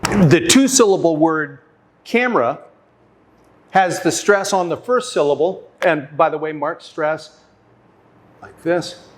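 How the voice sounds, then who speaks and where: A man teaching an English lesson, speaking slowly and deliberately, repeating and sounding out example words. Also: on the high side. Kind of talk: classroom lesson.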